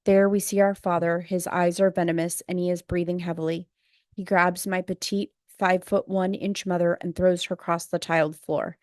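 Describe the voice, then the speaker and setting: A woman narrating a memoir audiobook in a measured, subdued, even voice into a close studio mic. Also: lowish voice, dry recording.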